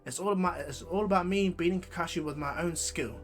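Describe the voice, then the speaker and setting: A man voicing a brash, whiny boy ninja who protests loudly. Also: high-pitched, a little fast, soft background music, close to an everyday voice.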